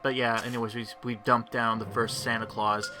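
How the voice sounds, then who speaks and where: A man's voice: medium pitch, flat delivery, brisk. A man giving rambling, chatty game commentary, often restarting his sentences. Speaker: gameplay commentator. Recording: voice with faint game music.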